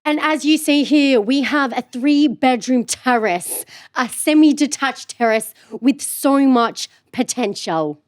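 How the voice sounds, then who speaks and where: An Australian woman putting on a posh English accent to play a TV presenter showing houses, in a slow, showy estate-agent patter. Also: sits high.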